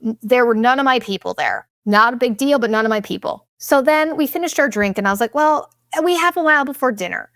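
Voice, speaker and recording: A young woman hosting a podcast, telling a vacation story in a blunt, profane, animated way and acting out what people said. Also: on the high side, a little fast, no room sound, studio quality. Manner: blunt and profane, animated retelling with quoted asides. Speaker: podcast host. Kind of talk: casual storytelling monologue.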